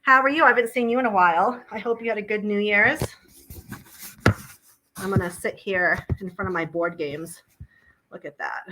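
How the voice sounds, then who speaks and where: A woman's voice: mid-range voice, moderate pace, pauses often, pushed and bright, a little hiss or hum, poor audio. A woman on a casual live stream at home, blunt and sweary, chatting with her viewers and her dogs, a little out of breath. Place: home, indoors.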